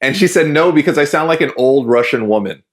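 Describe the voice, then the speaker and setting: A man's voice: fairly high pitch, lively intonation, fast, slight background noise. A man hosting a podcast in casual chat, laughing often and stammering on restarts. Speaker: podcast host.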